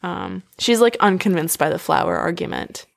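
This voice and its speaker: Animated young woman with a gravelly edge. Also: on the low side, normal speed. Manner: animated, acts out characters in quoted voices, frequent "like" and laughter. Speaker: storyteller recapping an opera. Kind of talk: casual chat.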